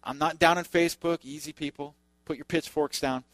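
A man's voice: fairly high pitch, fairly even intonation, a little fast, fairly bright tone, dry recording. A man preaching a sermon in a loose, conversational way, with joking asides to the congregation. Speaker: pastor.

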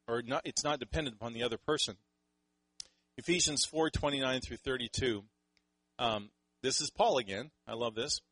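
A Canadian man delivers a sermon in a casual, animated way, slipping into little acted quotes of how people talk. His voice sits at an ordinary middle pitch, recorded close and dry with no room sound. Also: breathy edge, dry recording, low-quality recording. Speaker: pastor.

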